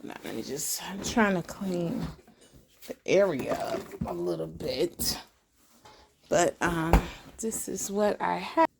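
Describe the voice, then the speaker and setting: A woman hosting a casual home cooking vlog, talking in a relaxed way with lots of ums. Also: fairly low pitch, takes it slowly, gravelly, noisy background. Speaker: cooking vlogger.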